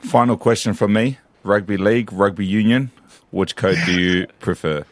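A male co-host with a very low voice asks questions and praises his guest in a relaxed way. The sound is dry and close, with no room echo. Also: normal speed. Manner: warm, affirming interviewer. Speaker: podcast co-host. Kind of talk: casual interview.

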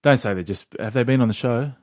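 A man's voice: mid-range voice, fast, darkish tone, dry recording, clean studio sound. A man hosting a sports show, chatting casually and laughing easily. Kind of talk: casual radio chat.

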